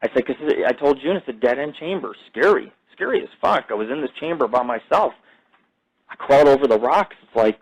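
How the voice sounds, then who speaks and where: A man's voice: mid-range voice, expressive, a little fast, breathy edge, low-quality recording. A man hosting his own podcast, delivering a rambling, profane casual monologue that jumps between topics. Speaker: podcast host.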